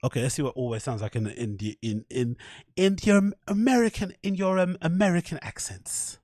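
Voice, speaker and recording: Swearing, laughing podcast host. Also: male voice, fairly high pitch, normal speed, darkish tone, dry recording, clean studio sound. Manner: swears often, mock-threatening, laughs at own jokes. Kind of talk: casual rambling commentary.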